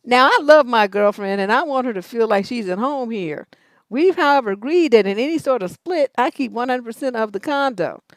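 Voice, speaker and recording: A woman's voice: fairly high pitch, fairly quick, no room sound. A middle-aged woman hosting a live advice show, telling stories bluntly and profanely, then reading out viewer questions. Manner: blunt, profane, animated storytelling with laughs.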